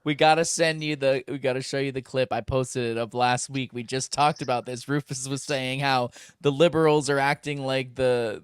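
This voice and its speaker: Podcast host guy, smooth clear voice, dry close mic, laughs a lot. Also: medium pitch, steady tone, normal speed, few pauses, no room sound. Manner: laughing often, agreeing and riffing. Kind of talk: casual podcast conversation.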